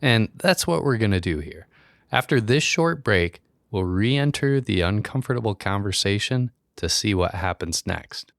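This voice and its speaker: A man's voice: on the low side, a little slow. A man hosting a podcast, narrating a scripted story. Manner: smooth storytelling with a varied, expressive delivery. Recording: narration over a music bed. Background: music.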